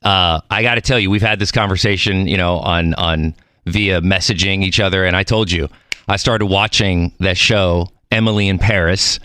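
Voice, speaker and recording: A man hosting a podcast, telling stories in a chatty, animated, playful way. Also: sits low, moderate pace, clean tone, no room sound, studio quality. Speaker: podcast host. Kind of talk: casual chat.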